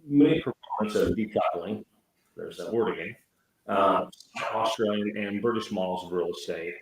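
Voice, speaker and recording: A man's voice: on the low side, normal speed, slight background noise. A man co-hosting a talk show, chatty and full of fillers. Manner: chatty, many fillers like "you know" and "uh". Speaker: co-host. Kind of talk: casual talk show discussion. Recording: very echoey room.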